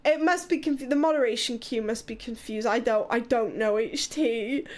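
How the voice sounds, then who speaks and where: A British-accented woman from Wales chatting on a live stream, with a high, bright voice. She talks in a loose, chaotic way, swearing freely and breaking into laughter. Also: moderate pace. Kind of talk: casual live-stream chat.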